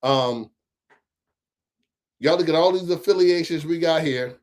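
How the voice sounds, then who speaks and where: A man hosting casual political commentary, talking straight to his viewers in an animated, profane, chatty way. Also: on the high side, measured pace. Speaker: host of a local commentary stream.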